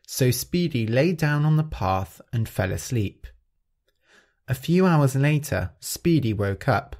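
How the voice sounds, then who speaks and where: A man hosting a story podcast, narrating clearly and expressively for English learners. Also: medium pitch, slow pace. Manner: clear, expressive, carefully paced.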